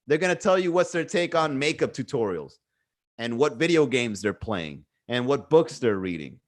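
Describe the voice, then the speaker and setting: A man's voice: medium pitch, very animated, normal speed. A man hosting a casual solo podcast from home, musing aloud in a rambling way, swearing freely and full of fillers. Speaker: podcast host. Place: indoors at home.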